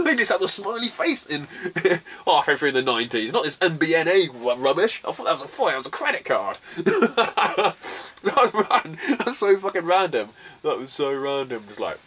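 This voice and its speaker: English male vlogger, 30s, bright and a touch high, swears and laughs through casual stories, set back from the mic. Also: big pitch swings, brisk. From Cornwall. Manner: swears freely, laughs often, acts out quoted lines. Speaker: retro gaming vlogger. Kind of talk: casual anecdotal storytelling. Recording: voice a little distant from the mic.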